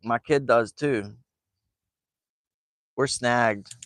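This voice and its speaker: A man's voice: mid-range voice, drawn-out words, fairly bright tone, dry recording. A man telling a rambling story to camera while fishing from a boat. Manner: rambling, chatty, laughs through his story. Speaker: fishing vlogger.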